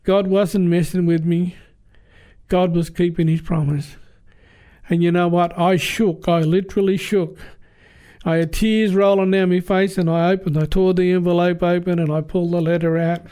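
Earnest Australian man, high smooth voice. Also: level tone, normal speed, mellow. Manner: plain-spoken, earnest, conversational. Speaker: guest telling his testimony. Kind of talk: emotional personal storytelling.

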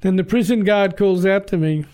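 Earnest Australian man, high smooth voice. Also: moderate pace, warm tone. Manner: plain-spoken, earnest, conversational. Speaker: guest telling his testimony. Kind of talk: emotional personal storytelling.

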